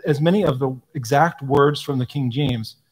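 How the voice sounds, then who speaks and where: A man answering questions about a hymnal, explaining thoughtfully with frequent pauses and ums. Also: mid-range voice, breathy edge. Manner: thoughtful, explanatory, frequent ums, quotes hymn lines aloud. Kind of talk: live Q&A talk.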